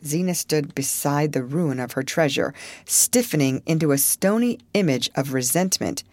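Woman, audiobook narrator, low pitch, dry studio, expressive reading. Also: moderate pace, no room sound. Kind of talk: scripted narration.

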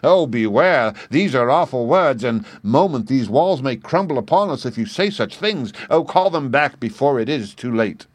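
A man's voice: fairly low pitch, animated, unhurried, a little mellow, dry recording. A man voicing a frightened young page boy who pleads in old-fashioned speech, as a character voice in an audiobook. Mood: fearful.

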